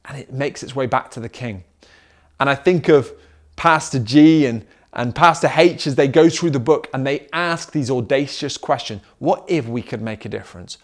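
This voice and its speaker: A middle-aged man preaches to his church. He presses his point with rhetorical questions and builds in force as he goes. He speaks at an everyday pitch for a man. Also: moderate pace. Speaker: pastor. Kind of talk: sermon.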